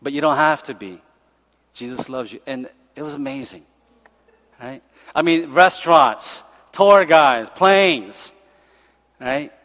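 A man's voice: fairly high pitch, slow pace, pauses often, fairly bright tone. A man in his forties, a pastor, preaching a sermon as chatty stories, often laughing and asking "right?". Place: church. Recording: echoey church hall.

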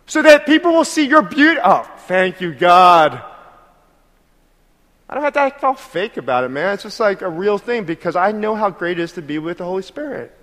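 A man preaching a lively sermon, acting out voices and building to shouted praise. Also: high voice, normal speed. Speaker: pastor. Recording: hall reverb.

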